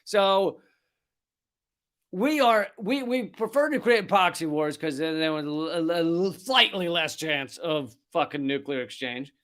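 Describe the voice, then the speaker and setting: A man's voice: fairly high pitch, a little slow, fairly bright tone. A man hosting a comedic political rant, sarcastic and profane. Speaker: host.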